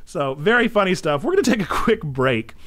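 A young man hosting a live game stream, chatting casually and excitably with frequent giggles. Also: on the high side, fairly quick.

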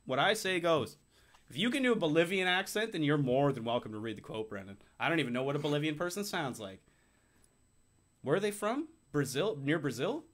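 Sarcastic young podcast host, bright voice. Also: male voice, on the high side, expressive, a little fast. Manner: sarcastic, swears a lot, mock-arrogant. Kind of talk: casual profane banter.

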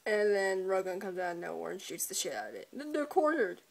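A woman's voice: mid-range voice, sing-song, quick pace, gravelly. A woman giving a casual, joking episode recap, irreverent and giggly, swearing often and breaking into laughter. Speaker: video reviewer.

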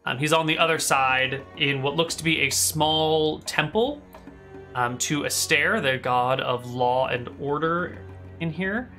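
Bright-voiced male game master. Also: a little high, unhurried, soft background music. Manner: casual, describing scenes with many fillers. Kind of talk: narrating a tabletop game.

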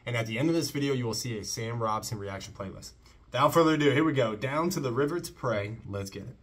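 Talking fast at a medium pitch, this reaction channel host responds to music from a casual, faith-based angle, full of enthusiasm and quick bursts of preaching.

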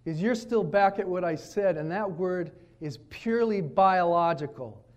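A man preaching at a retreat, telling stories and acting out his children's lines in a lively, varied way. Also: high-pitched, moderate pace. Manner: storytelling preacher, animated, quotes his kids. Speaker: pastor. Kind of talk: sermon at a retreat. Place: retreat meeting room.

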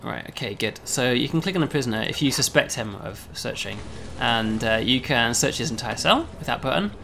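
A man, a game developer, casually explaining a game demo, often pausing on "um" and checking with "right?". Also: medium pitch, expressive, vocal fry, a bit bright, slight background noise.

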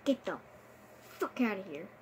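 A woman giving casual gameplay commentary, swearing constantly, muttering one moment and yelling at enemies the next. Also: medium pitch, normal speed, slight background noise. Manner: excitable, jumps between muttering and shouting. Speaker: gamer streaming a video game.

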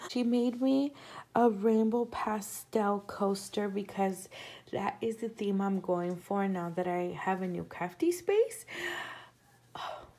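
A woman hosting a casual unboxing chat from her home craft room. She gushes excitedly, often gasps, and keeps calling viewers "you guys.". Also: mid-range voice, slow pace. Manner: gushing and excitable, often gasping. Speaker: crafting channel host.

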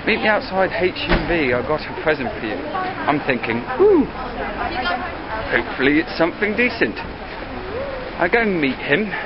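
A man vlogging in a casual, jokey way, swinging from mumbled asides to loud excited bursts, on dull lo-fi camera audio with faint hiss. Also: a little high. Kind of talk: casual vlog.

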